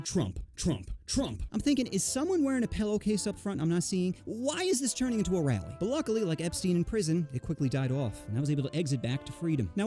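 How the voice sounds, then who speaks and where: A man with a fairly high voice rattles off a crude comedy story at a quick clip, swinging his pitch all over the place. He bursts into mock-outraged squeals and sly asides. Faint music sits under the voice. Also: mellow. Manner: brash, exaggerated, mock-outraged voices in quotes. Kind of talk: scripted comedic narration.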